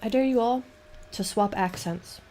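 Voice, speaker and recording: A young woman with a Southern US accent, chatting casually on a livestream in a halting, rambling way with many restarts. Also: mid-range voice, noisy background. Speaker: livestream host. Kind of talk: casual chat while painting on stream.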